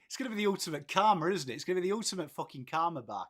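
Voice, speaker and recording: Racing along and very animated, this high-ish male voice comes from an English livestream host in his late thirties. He keeps the chat casual, saying hello to viewers by name and calling them all mate.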